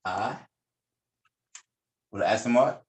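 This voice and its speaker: A man's voice: on the low side, slow, reverberant, a little hiss or hum. A man teaching a class at a board, explaining informally and correcting himself as he goes. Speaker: Spanish teacher.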